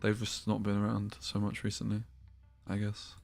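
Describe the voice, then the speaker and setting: A man's voice: lowish voice, monotone, moderate pace, gravelly, a little mellow, soft background music. A young man chatting casually while streaming a game, telling rambling stories with slang and the odd swear word. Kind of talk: casual live-stream chat over gameplay.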